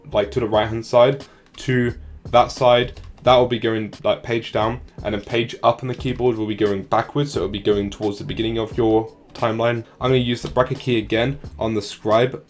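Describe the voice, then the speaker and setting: A man talking fast and casually through a software tutorial, often saying "like". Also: medium pitch. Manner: fast, casual, many "like" fillers. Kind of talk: screen-recorded tutorial walkthrough.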